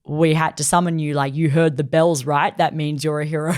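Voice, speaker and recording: A woman co-hosting a casual anime chat, retelling a plot in animated style and acting out the characters' lines with lots of "like". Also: low voice, moderate pace. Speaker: podcast co-host reviewing anime.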